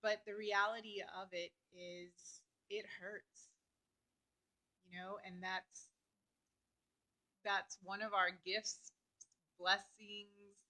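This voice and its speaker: A woman vlogger talking earnestly and openly about her feelings, with many fillers and pauses. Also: medium pitch, pushed and bright, low-quality recording. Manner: earnest, heartfelt, talks through emotion with many fillers. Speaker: astrology vlogger. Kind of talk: personal reflective talk to camera.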